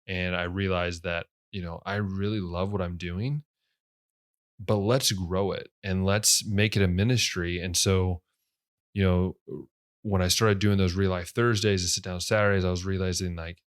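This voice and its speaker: A young man with a low radio voice hosts his own podcast, talking in a loose, casual ramble. He speaks in a very deep register, full of fillers and restarts. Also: steady tone, normal speed. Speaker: podcast host. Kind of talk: casual solo podcast talk.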